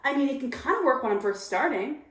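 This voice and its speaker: High-voiced and fast, a female stand-up comic gets candid in an interview, confessional and animated, performing her own inner voice as she talks. It's recorded in an echoey room.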